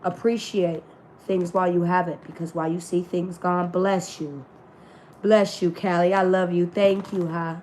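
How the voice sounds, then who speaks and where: This tarot reader has a fairly low, darkish voice with a level tone and normal speed, plus slight background noise. She reads for an online audience in a laid-back manner peppered with slang and cursing, while her voice is still on the mend.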